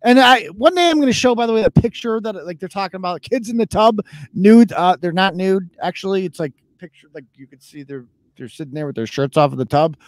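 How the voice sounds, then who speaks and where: A man's voice: high-pitched, lively intonation, fairly quick, no room sound. A man in his thirties hosting a live podcast, ranting in a casual, profane and mocking way. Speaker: podcast host. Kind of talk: casual live-show rant.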